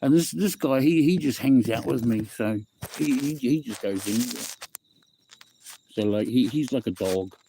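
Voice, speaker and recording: A gravelly, dark-toned mid-range voice comes through at normal speed over a little hiss or hum. It belongs to a middle-aged New Zealand man casually chatting with viewers on a phone livestream, rambling, repeating himself, reading the chat aloud and saying "bro" and "eh."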